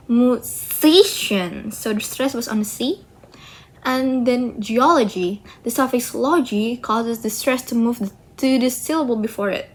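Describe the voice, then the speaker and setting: A woman, presenting slides in a student project on word stress, talking haltingly with frequent restarts. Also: fairly high pitch. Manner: halting, slow, restarts and self-corrections. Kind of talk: slide presentation explaining pronunciation.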